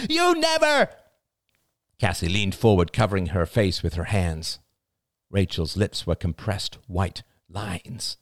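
A man reading a novel aloud as an audiobook, with expressive, dramatic storytelling. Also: low-pitched, no room sound, studio quality. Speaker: audiobook narrator. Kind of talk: scripted audiobook narration.

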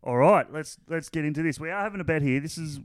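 A man analysing horse races in a relaxed, casual way, full of fillers. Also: a little high, fast talker, smooth, dry recording. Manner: relaxed, lots of fillers like "you know" and "um". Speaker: racing analyst.

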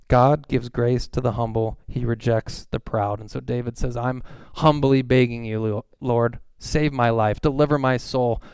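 A man preaching a sermon in a conversational way, reading scripture verses slowly and acting out the people he quotes. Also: medium pitch, darkish tone, smooth, dry recording. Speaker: pastor.

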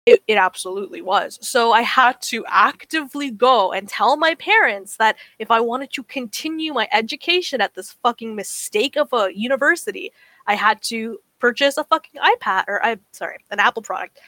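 A young woman co-hosting a chat podcast, her voice bright and clear, pitched a little high. She tells stories in an animated, profane way, acting out every line people said to her. The sound is dry and close. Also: moderate pace, no echo. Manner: profane, animated storytelling, acts out quotes. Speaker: podcast co-host. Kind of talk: casual chat.

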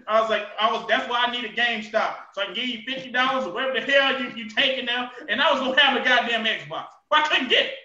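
High, bright-voiced ranting man. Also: quick pace, hardly any pauses. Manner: loud, profane ranting with shouted outbursts and laughter. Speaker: podcast co-host. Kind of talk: casual chat. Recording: roomy, distant, dull sound.

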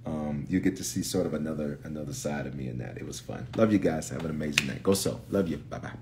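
A man, a pastor, chatting casually on a livestream and reading viewer comments aloud with lively energy. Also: extremely low pitch, fast, vocal fry, background noise.

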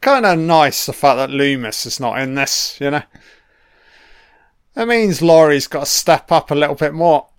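A man's voice: fairly high pitch, animated, normal speed, clear, resonant tone, no room sound, studio quality. A man giving a casual, blunt film commentary, swearing constantly and full of opinions.

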